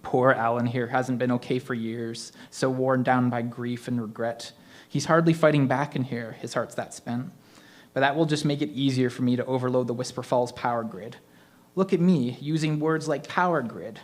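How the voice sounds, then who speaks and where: A man's voice: medium pitch, moderate pace, lightly acted. A man reading a story aloud, voicing a vengeful male ghost who possesses a middle-aged man, with mocking, theatrical menace. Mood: gloating.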